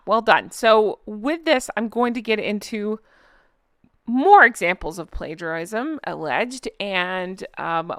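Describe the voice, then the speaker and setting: Sarcastic Southern woman, smooth dry voice. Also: medium pitch, a bit bright, dry recording. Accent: Southern American. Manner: sarcastic, incredulous, chatty. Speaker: commentary channel host. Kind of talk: casual commentary vlog.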